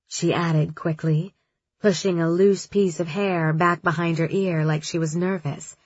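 A woman giving first-person audiobook narration in a measured, steady way. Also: lowish voice, slightly rough, no room sound, highs cut off.

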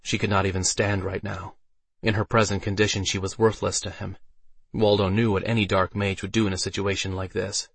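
A man narrating a fantasy audiobook with steady storytelling delivery. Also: low voice, a little fast, gravelly, breathy edge, dry recording.

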